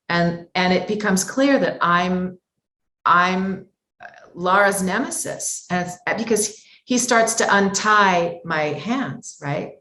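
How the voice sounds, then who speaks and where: A woman's voice: medium pitch, fairly bright tone, echoey room. A woman voice actor talking as an interview guest, thoughtful and circling back with many asides. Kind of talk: conversational interview talk.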